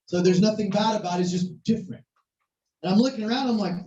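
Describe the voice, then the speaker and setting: A preacher telling a story in a sermon, animated and at times shouting, recorded in a church hall. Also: medium pitch, fast. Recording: echoey, distant, muffled hall recording.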